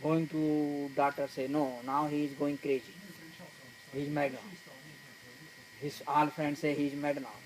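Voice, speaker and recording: A man's voice: fairly high pitch, level tone, normal speed, few pauses, poor audio. A man, not a native English speaker, gives a spiritual talk in broken English, retelling a film story and quoting its characters to meditation students. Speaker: spiritual teacher. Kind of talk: spoken discourse to meditation students.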